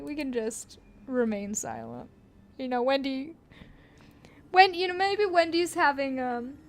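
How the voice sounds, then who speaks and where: A woman reading an interactive story aloud, adding playful joking comments and laughing often. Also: sits high. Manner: playful, laughs often, jokes between read passages.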